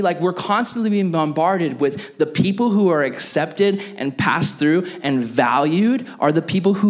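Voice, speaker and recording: Animated, chatty young male preacher. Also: a little high. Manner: animated, chatty, full of "like", acts out bits. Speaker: youth pastor. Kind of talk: casual sermon to young people.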